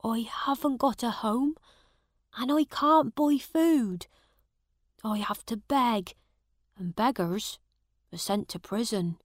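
A woman's voice: on the high side, slow, long pauses, no room sound, studio quality, voice pushed up. A woman voicing a poor male prisoner pleading his case in a storybook reading.

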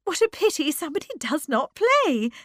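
A woman reading aloud plays an excitable young wife who gushes in a raised, breathless voice. Her pitch leaps and falls in a lively way, and the delivery is unhurried, in a dry, close recording. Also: dry recording. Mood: excited. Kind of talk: audiobook character voice.

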